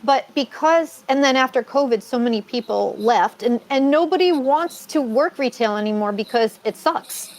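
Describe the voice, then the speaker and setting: A woman's voice: high voice, moderate pace, few pauses, a little mellow, slight background noise. A woman hosting a casual live-stream chat, rambling and often correcting herself mid-sentence. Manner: rambling, self-correcting storyteller. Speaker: host.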